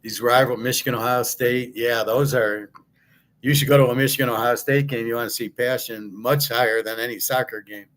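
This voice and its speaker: A man's voice: mid-range voice, steady tone, fairly quick, a bit bright. An American man hosting his own show, talking casually and bluntly in a rambling monologue full of fillers. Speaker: sports betting handicapper and host. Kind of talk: casual monologue answering a viewer question.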